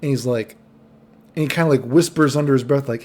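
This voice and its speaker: A man's voice: medium pitch, fast, darkish tone, slightly rough. A young man telling a rambling, profane storytime monologue, tagging lines with "right?". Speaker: vlogger.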